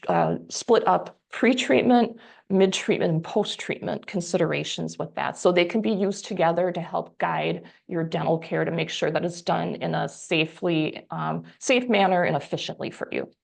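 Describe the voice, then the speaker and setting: This woman has a gravelly, creaky and somewhat low voice. She is the expert guest and explains dental care patiently, step by step, with many ums along the way. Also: moderate pace, few pauses, a little mellow. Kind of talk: explanatory talk.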